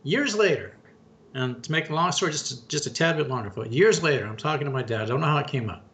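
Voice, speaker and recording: A man's voice: fairly high pitch, expressive, fast talker, fairly bright tone. A middle-aged man co-hosting a casual talk show, telling a long story in a folksy way and calling listeners folks and bud. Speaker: podcast co-host.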